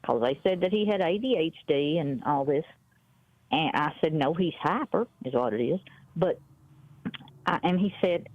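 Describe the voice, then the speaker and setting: Lady, 50s, calling in, blunt storyteller, low-ish voice, dull dry sound. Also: animated, normal speed, no echo. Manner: blunt storytelling, quoting others. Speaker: caller. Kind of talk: casual call-in chat. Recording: muffled dry phone-in audio.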